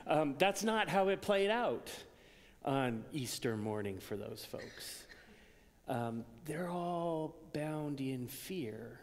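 Conversational male preacher in a reverberant hall. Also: fairly high pitch. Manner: conversational, swings from loud emphasis to hushed whispers. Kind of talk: sermon. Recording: long reverb of a church hall.

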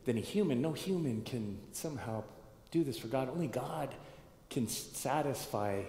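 A male pastor teaches in a relaxed, conversational way, often restarting his phrases and turning to the congregation with questions. His voice sits at an ordinary pitch and rings through a church sanctuary with a long, echoing tail. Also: moderate pace. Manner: conversational, thinking aloud with restarts and asides to the congregation. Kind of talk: sermon teaching. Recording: echoey hall with long reverb.

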